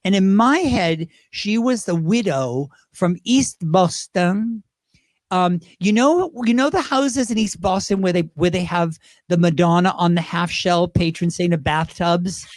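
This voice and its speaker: British drag performer guest, high voice, dry close sound, animated storyteller. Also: male voice, no room sound. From Great Britain. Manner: animated, quick impressions, laughs while talking. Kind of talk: casual interview storytelling.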